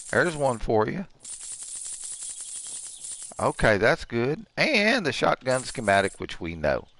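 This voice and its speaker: This gaming-channel host, a man in his sixties, keeps up joking let's-play commentary and trash-talks the characters. His voice sits on the low side with a fairly bright tone.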